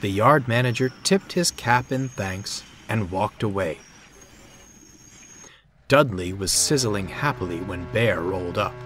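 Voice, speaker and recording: A man narrating a storybook tale in a measured, expressive way. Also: fairly low pitch. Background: music.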